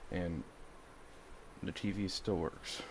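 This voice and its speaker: A man's voice: deep voice, steady tone, takes it slowly, a little hiss or hum. A man talking to the camera in a casual monologue, agitated and repeating himself. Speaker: vlogger.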